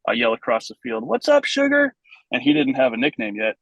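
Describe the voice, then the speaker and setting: A man guesting on a podcast, explaining things in a relaxed, casual way with plenty of ums and uhs. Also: mid-range voice, fast, breathy edge, no room sound, poor audio. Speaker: vintage base ball club member, guest.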